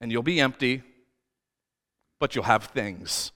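A man's voice: mid-range voice, expressive, measured pace, pauses often, sharp tone, big-room sound. A man preaching a sermon as pastor, telling a personal story earnestly and getting emotional at times, rising to emphatic peaks. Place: church hall.

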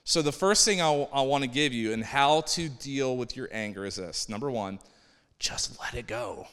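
A man's voice: mid-range voice, animated, moderate pace, fairly bright tone, clear, resonant tone. A man preaching a conversational sermon as a pastor, acting out the people he quotes. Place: church sanctuary. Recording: long hall reverb.

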